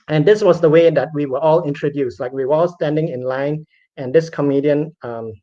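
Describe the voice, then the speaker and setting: A man's voice: fairly high pitch, darkish tone. A man who is a comedian, telling a personal story in a chatty, self-deprecating way with many fillers. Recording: dull lo-fi recording.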